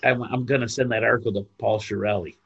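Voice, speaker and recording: A man's voice: lowish voice, steady tone, fast, gravelly, slightly rough, lo-fi sound. A man co-hosting a podcast, chatting keenly and trailing off mid-sentence. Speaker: podcast co-host. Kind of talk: casual chat.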